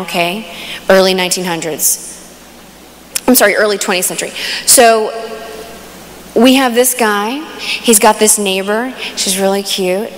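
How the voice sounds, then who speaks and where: A woman's voice: mid-range voice, fairly bright tone. Woman storytelling in an echoing hall. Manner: casual, lots of fillers like "kind of". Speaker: conference speaker. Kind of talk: inspirational faith talk, storytelling. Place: large conference hall. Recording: long reverb of a big hall.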